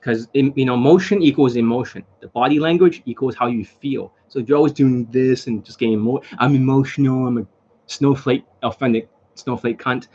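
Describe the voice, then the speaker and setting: Husky-voiced man, blunt rambling coach. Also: medium pitch. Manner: rambling and blunt, with frequent profanity and fillers. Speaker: dating coach. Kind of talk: unscripted monologue to camera. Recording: dull lo-fi recording.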